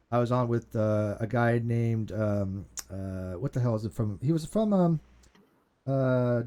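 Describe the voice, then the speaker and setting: A man hosting a casual group video call, rambling, swearing freely and telling stories with lots of restarts. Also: medium pitch. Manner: rambling, profane, animated storyteller. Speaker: host.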